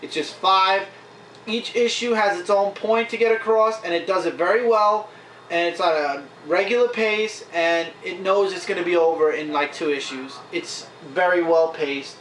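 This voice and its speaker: A fairly high-voiced man talks casually through a stack of comics, recapping scenes with lots of fillers. The camera mic sits back from him in a roomy, echoing space with a faint hiss underneath. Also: moderate pace, fairly bright tone. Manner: chatty, retells scenes with frequent fillers. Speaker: comic book reviewer. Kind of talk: casual vlog review. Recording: echoey room, mic at a distance.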